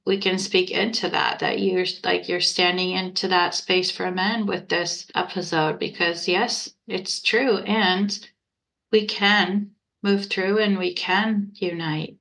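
A woman's voice: on the low side, fairly even intonation, slow pace, vocal fry, fairly bright tone, low-quality recording. A woman relationship coach, a guest on a podcast, speaking earnestly and affirming her host. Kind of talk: podcast interview conversation.

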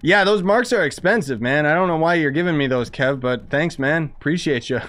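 Excitable young man streaming a game. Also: a little high, a little fast. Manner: excitable, chatty, thinking aloud. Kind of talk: casual live-stream commentary. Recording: dry close sound with faint music.

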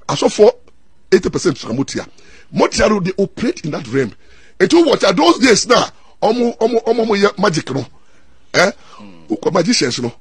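Excitable Ghanaian man, husky and animated. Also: sits high, no room sound. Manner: excitable, mixes Twi and English, repeats words. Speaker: lawyer and commentator. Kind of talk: animated storytelling talk.

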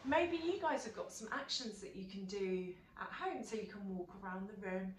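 A woman's voice: mid-range voice, animated, moderate pace, slight background noise. A woman leading a sung movement session for toddlers, coaxing and encouraging in a sing-song way. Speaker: children's music teacher. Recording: echoey room from a distance. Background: ukulele music.

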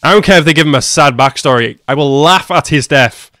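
A man reacting to an anime episode, swinging between hushed muttering and loud, swearing outbursts. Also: on the high side, fairly quick, no echo, clean studio sound. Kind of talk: live reaction commentary.

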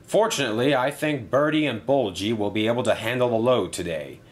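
A man's voice: mid-range voice, fairly quick, natural voice. Male narrator voicing a subdued, reassuring railway chief. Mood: worried. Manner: quiet, reassuring. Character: worried middle-aged male railway boss.

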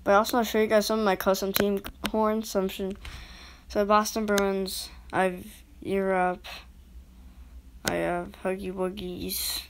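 Talking straight to the camera, a woman reviews goal horns in a meandering vlog, often breaking into her own sentences. Her mid-range voice is creaky with little pitch movement and a measured pace, and there's background noise.

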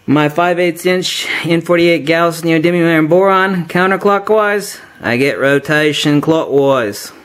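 A man giving a hands-on tabletop demonstration lesson, explaining step by step and joking with a mock Australian "mate". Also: a little high. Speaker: science demonstrator.

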